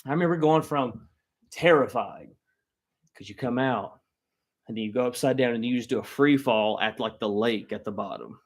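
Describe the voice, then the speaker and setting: A man telling a funny personal story to a live audience, animated and self-mocking. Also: mid-range voice, normal speed. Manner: animated, self-mocking, acts out loud quoted lines.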